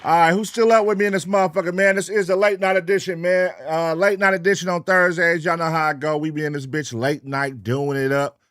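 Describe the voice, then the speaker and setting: A man from the US West Coast hosting a late-night livestream, loose and profane, reeling off shout-outs to chat viewers in a sing-song way. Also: fairly high pitch, fairly even intonation, brisk, few pauses, dry recording, clean studio sound, some chatter behind. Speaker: livestream reaction host.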